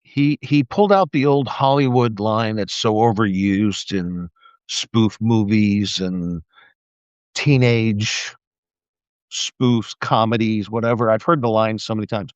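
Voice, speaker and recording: A man's voice: on the low side, takes it slowly, no room sound. An older man ranting on a livestream about politics, profane and mocking, stammering into restarts when he gets heated. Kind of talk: angry political rant on a livestream. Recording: dull dry lo-fi livestream audio.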